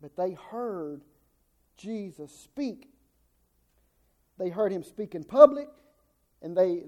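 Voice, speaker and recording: A man's voice: high-pitched, mellow. A middle-aged man preaching a sermon in a folksy way, stumbling over repeated words and acting out the people he quotes.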